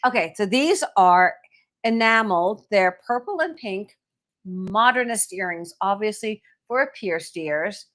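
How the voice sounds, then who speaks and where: Showing off jewelry and china on a livestream, this female co-host is animated, chatty, and full of gushing praise for each item. She speaks with a mid-range, fairly bright voice at a measured pace in a casual shopping chat.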